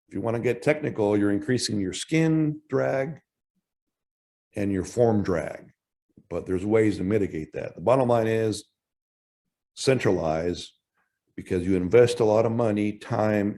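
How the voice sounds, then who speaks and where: A man giving a technical presentation at an industry workshop, talking in a halting way with frequent restarts and self-corrections. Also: lowish voice, darkish tone.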